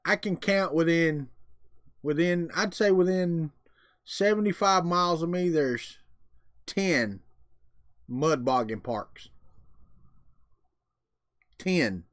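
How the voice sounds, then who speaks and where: He's a livestream host with a Southern US accent, drawling and joking in a folksy manner as he chats casually with viewers. His voice is a little high, and he speaks at a slow pace with long pauses. The studio-quality recording has no room sound.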